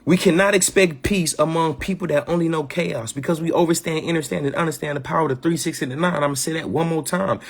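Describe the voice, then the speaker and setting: A man's voice: a little high, fast, vocal fry, few pauses, breathy edge. A man hosting a live community gathering, talking passionately with a lot of slang, swearing and repeated phrases. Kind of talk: casual live-stream talk.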